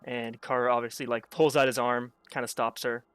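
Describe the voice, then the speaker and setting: A man's voice: medium pitch, little pitch movement, a little fast, a bit bright, smooth, dry recording. A man narrating a tabletop game as game master, in a loose, casual way full of hedges like "kinda". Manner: casual, full of fillers and restarts.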